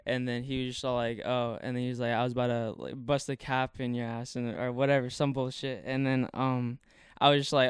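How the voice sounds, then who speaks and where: A man's voice: medium pitch, flat delivery, moderate pace, smooth, dry recording, clean studio sound. A young man casually telling a story in a rambling, slangy way, full of fillers. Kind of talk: casual chat.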